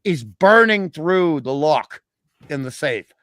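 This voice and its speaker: A man's voice: fairly high pitch, expressive, takes it slowly, fairly bright tone, no echo. Opinionated man in casual chat. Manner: opinionated, wry, many restarts. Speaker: guest.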